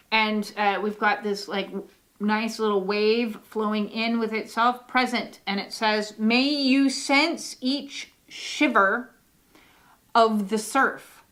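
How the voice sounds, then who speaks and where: Woman doing a laid back card reading, kinda high voice, lots of ums and uhs, swears now and then. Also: fairly bright tone. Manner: rambling, many fillers, casual swearing. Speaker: oracle card reader. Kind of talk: casual live card reading.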